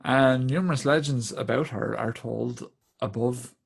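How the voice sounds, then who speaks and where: A man from Ireland co-hosting a podcast, with a very gravelly, creaky voice. He rambles loosely through folklore, dropping swear words and laughing along the way. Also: medium pitch, a little slow. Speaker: podcast co-host. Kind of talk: casual podcast chat.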